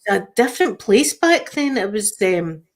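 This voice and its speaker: A Scottish woman hosts a relaxed livestream chat. She rambles and restarts her sentences often as she talks to her viewers. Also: mid-range voice, normal speed. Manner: chatty, rambling, frequent restarts. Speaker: livestream host. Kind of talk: casual chat.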